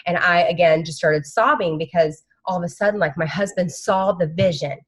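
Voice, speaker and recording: A woman's voice: fairly low pitch, moderate pace. A woman who shares an emotional, rambling conference recap on a video call. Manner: emotional, rambling, with many fillers. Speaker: team member sharing a conference recap.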